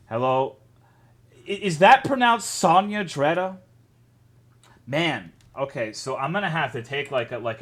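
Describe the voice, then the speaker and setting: A man's voice: medium pitch, a bit bright. Profane joking male streamer. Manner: profane, joking, greets chat by name. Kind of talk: casual live-stream chat.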